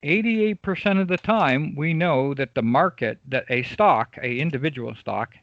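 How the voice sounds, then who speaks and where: A man's voice: a little high, normal speed, no room sound, highs cut off. A man teaching a live online trading class, emphatic and repetitive, often checking in with his students. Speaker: trading coach.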